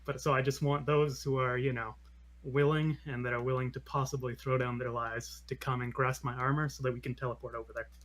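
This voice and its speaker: A man's voice: medium pitch, little pitch movement, fairly quick, fairly bright tone. Man player, casual rambling table chat. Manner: rambling, laughing, with many ums and restarts.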